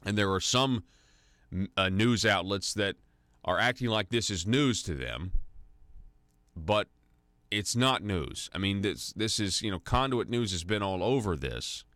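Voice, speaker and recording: A man's voice: low-pitched, fairly bright tone, dry recording. A man hosting a political talk radio show, giving opinionated commentary with frequent restarts. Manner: opinionated, with many restarts and fillers.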